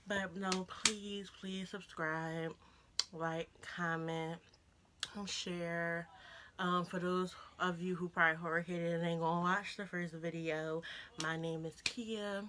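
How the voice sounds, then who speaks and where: Young woman, slow and low. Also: flat delivery, noisy background. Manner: informal, pausing, soft laughs; emotional, getting choked up. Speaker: vlogger. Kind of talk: casual vlog talk to camera.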